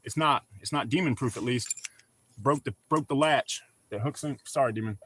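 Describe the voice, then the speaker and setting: A man's voice: mid-range voice, normal speed, fairly bright tone, a little hiss or hum. A middle-aged man hosting a casual livestream, chatting with viewers and greeting them by name. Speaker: livestream host.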